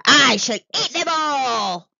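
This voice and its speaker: A woman voicing a huge, hairy, boastful male monster in a children's storybook, singing his threats in a slow, menacing chant. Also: on the high side, lively intonation, creaky, bright, forceful tone, no echo, lo-fi sound, exaggerated voice. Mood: gloating. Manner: sing-song menacing boasting, drawn out. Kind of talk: children's storybook read-aloud.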